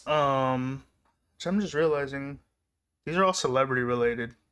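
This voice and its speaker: A young man casually telling personal stories in a rambling way, laughing often and getting excited as he recalls them. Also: medium pitch, normal speed, clear, resonant tone. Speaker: vlogger. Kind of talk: casual storytelling.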